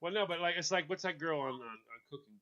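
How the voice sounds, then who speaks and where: A man hosting a casual radio talk show, chatty and animated, acting out little quotes in funny voices. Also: on the high side, fast, dull audio.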